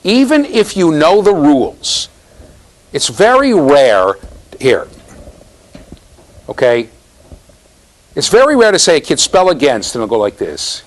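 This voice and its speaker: Lively, teasing male lecturer. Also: fairly high pitch, slow, pauses often, low-quality recording. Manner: animated, teasing, keeps checking in with "right?". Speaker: university lecturer. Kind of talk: classroom lecture. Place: lecture classroom.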